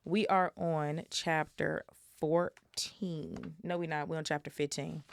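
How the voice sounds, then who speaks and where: Chicago lady reading a book on her podcast, low gravelly voice, dry close mic. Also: fairly even intonation, slow, slight background noise. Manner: blunt, profane, chatty. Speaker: podcast host reading aloud. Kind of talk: casual book-club reading and chat. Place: home, seated in a squeaky chair. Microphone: studio microphone.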